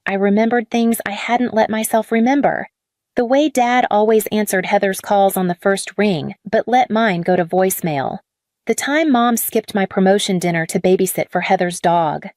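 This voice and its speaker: A woman reading a scripted first-person drama story in a measured, even way. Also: medium pitch, no room sound, clean studio sound. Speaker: story narrator.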